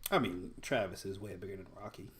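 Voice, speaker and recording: A man's voice: low voice, fast talker, fairly bright tone, a little hiss or hum. A young man co-hosting a live-streamed casual chat, laid-back and slangy, chuckling as he talks. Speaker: podcast co-host.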